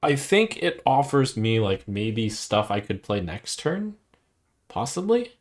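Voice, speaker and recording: A man's voice: medium pitch, very animated, slow. A man streaming a card game, thinking aloud as he weighs each play and second-guesses himself. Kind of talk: casual gameplay commentary.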